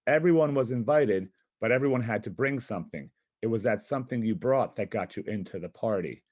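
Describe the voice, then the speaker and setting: A man's voice: on the low side, lively intonation, quick pace, breathy edge. Upbeat male workshop presenter. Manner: upbeat, encouraging. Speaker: workshop presenter, physical education teacher.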